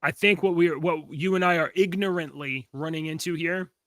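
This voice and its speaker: A man co-hosts a casual comedy podcast and often stammers and restarts his sentences. His voice is high and bright. The recording is dry. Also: fairly quick, no echo. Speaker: podcast co-host.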